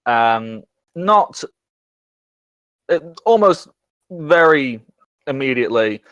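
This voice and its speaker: A man narrating a tabletop game as game master, with a halting delivery full of fillers. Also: medium pitch, sing-song, fairly bright tone, no echo, highs cut off.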